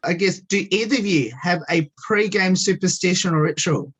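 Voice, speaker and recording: Radio host, medium pitch, upbeat questions, video call. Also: normal speed, fairly bright tone, husky. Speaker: radio interviewer. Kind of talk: interview questions.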